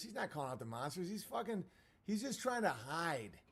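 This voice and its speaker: A man's voice: on the high side, very animated, moderate pace, breathy edge. A middle-aged man hosting a watch party, ranting in a crude, mocking, profane way. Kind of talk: casual ranting commentary.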